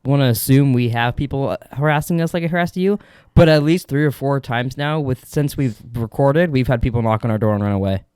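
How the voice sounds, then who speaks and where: A man's voice: medium pitch, fairly quick, darkish tone, clear, resonant tone, dry recording, studio quality. A man co-hosting a podcast, rambling through a movie chat with laughs and swearing. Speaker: podcast co-host. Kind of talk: casual chat.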